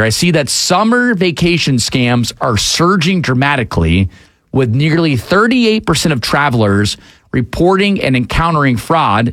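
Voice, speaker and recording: A man's voice: medium pitch, fairly bright tone, dry recording. Opinionated male talk host, dry sound. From Atlanta area, USA. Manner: conversational and opinionated, with frequent fillers. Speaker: news talk show host. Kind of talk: casual news commentary.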